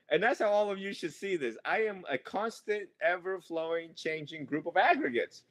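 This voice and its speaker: A man's voice: high-pitched, lively intonation, moderate pace, hardly any pauses, a bit bright. A man teaching students in a loose, joking way, rambling and laughing as he goes. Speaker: monk teacher. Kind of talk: casual teaching talk.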